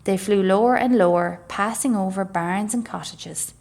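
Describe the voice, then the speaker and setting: A woman's voice: medium pitch, creaky. Woman reading a children's story. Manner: expressive, measured storybook pacing. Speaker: library storyteller.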